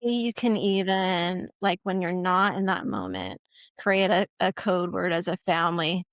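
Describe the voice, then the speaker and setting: A woman's voice: fairly low pitch, animated, moderate pace, dry recording. A woman guest expert on a podcast, talking casually and checking in with "right?" and "okay?", sometimes acting out quoted lines. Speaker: guest expert on puberty education. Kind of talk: conversational podcast interview.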